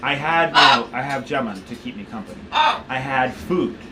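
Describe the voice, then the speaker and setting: A man's voice: medium pitch, animated, normal speed, heavy background noise. A man in his thirties from the United States, rambling through a casual vlog update with frequent restarts, filming himself on a handheld camera while walking around his home. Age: 30s. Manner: rambling, restarts often, talks to his pet. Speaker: vlogger. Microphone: handheld camera on a gimbal.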